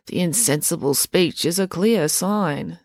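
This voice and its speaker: A woman's voice: on the low side, a little mellow, no room sound, studio quality. Woman doing a quavery old doctor, patronizing. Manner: slow, patronizing tones.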